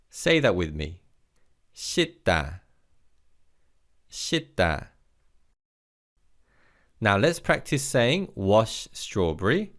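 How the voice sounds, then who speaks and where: A man teaching a recorded vocabulary lesson, leading slow repeat-after-me drills and praising the learner between words. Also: low-pitched, fairly bright tone. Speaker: language teacher.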